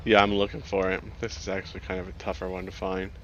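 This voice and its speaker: A man's voice: low-pitched, monotone, fast talker, a bit bright, highs cut off, a little hiss or hum. A man running a tabletop game as dungeon master, chatting casually with his players, joking, laughing often and swearing freely.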